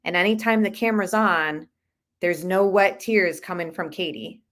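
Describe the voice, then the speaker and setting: A woman's voice: lowish voice, moderate pace, a bit bright. A woman hosting a true crime channel, giving skeptical, chatty commentary on a case. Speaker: channel host.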